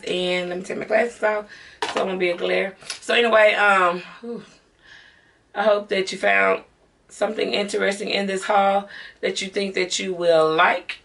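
A woman's voice: mid-range voice, gravelly, fairly bright tone, distant mic, a little hiss or hum. A middle-aged woman with a Southern American accent, chatting casually to her viewers in a home beauty haul vlog. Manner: chatty, talks straight to viewers as y'all. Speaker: beauty vlogger.

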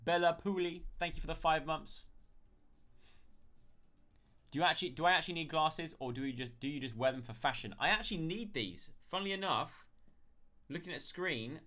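A man's voice: fairly high pitch, brisk, sharp tone. A man chatting casually on a live stream, thanking viewers one by one and answering their questions.

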